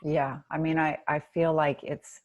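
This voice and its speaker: A woman hosting a podcast, speaking in a measured, affirming way as she sums up her guest's ideas. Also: deep voice, flat delivery, a little mellow, dry recording. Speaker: podcast host. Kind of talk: interview conversation.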